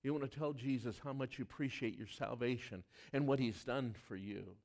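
A man preaching a sermon, asking the congregation questions and dropping from loud emphatic lines to hushed asides. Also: mid-range voice, moderate pace. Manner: asks the congregation questions directly. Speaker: pastor.

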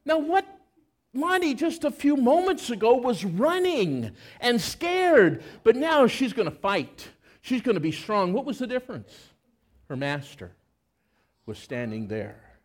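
High-voiced preacher telling a story slowly. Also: male voice, big pitch swings. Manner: dramatic, acts out the scenes. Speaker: pastor. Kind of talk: storytelling sermon. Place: church service.

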